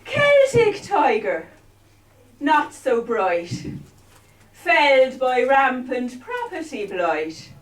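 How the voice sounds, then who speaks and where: Woman putting on a mournful reciter, slow and measured, echoey hall. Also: high voice, huge pitch swings, exaggerated voice. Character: woman reciting a mournful mock-Blake poem. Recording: roomy, echoey hall from far off.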